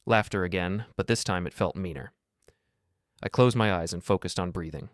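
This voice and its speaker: A middle-aged man narrating a first-person story in a steady, grave, measured way. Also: low voice, dry recording, clean studio sound.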